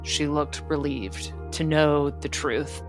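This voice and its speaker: A woman, a friend of the storyteller, recalling events in a soft, measured, subdued way. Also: sits low, fairly even intonation, over music. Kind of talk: quiet conversational recollection.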